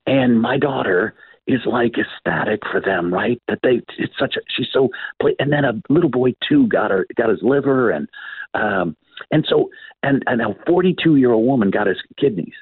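Husky older man telling lively stories. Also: medium pitch, normal speed, dry recording. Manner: acts out the voices of people in his stories. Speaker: author and guest. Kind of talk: animated storytelling in an interview. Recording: tinny phone-like line.

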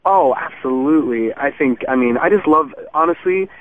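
A man's voice: fairly high pitch, animated, normal speed. A young man speaking earnestly as a guest musician in a casual interview, with frequent "um" fillers. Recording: tinny phone line, faint hiss.

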